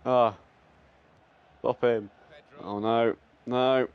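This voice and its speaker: A young man commentating on his own football video game match, groaning at misses and yelling at goals, his voice cracking when excited. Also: mid-range voice, very slow, clean tone, narrow, tinny audio. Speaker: gaming YouTuber. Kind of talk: excitable live gameplay commentary.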